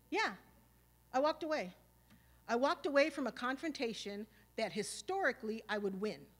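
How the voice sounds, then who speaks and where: A woman, telling stories on stage at a live event. Her voice sits a little high. She talks in a casual, streetwise way, swearing freely and filling her talk with "you know" and "like". She slips into the voices of the people in her old arguments. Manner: animated, acting out past arguments. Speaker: speaker. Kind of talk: storytelling talk at a symposium.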